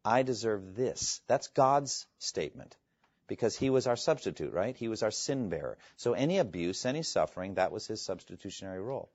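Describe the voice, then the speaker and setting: A man preaching a sermon, earnest and emphatic, quoting scripture and pausing for effect. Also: on the low side, big pitch swings, dry recording. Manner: earnest, emphatic, with dramatic pauses and quoted scripture. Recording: dull lo-fi, dry sound.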